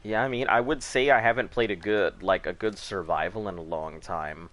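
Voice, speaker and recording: A man's voice: on the low side, moderate pace, a bit bright. A man in his thirties chatting casually while he plays a game, telling stories full of swearing and laughter. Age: 30s. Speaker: gaming streamer. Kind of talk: casual chat while gaming.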